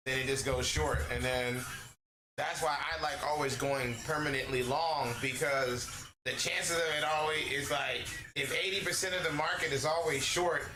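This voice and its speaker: A man gaming on stream and ranting casually, rambling and swearing with heavy slang. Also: a little high. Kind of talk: casual rant while gaming. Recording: echoey room with noise.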